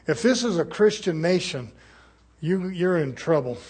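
A man's voice: high voice, lively intonation, measured pace, darkish tone, slightly rough. A man preaching a sermon at a church service, throwing fervent rhetorical questions to the congregation.

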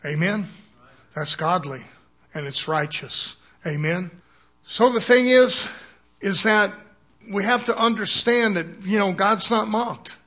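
An older male preacher with a strikingly high voice gives a sermon slowly, in a bright, forceful tone. Like a plain-spoken pastor talking to his congregation, he keeps it folksy and loose, chuckling and often calling for an "Amen."

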